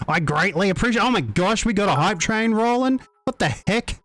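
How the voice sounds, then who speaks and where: A young Australian man chatting excitedly on a live stream, giggling and tripping over his words. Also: sits high, moderate pace, no room sound. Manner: excitable, giggly, stammering restarts, mild faux swearing. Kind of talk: casual live-stream chat.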